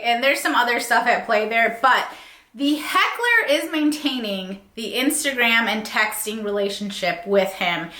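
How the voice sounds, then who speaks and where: A chatty, animated young woman casually reviewing books, full of fillers. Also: a little high, unhurried, echoey room. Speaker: book reviewer. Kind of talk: casual book review chat.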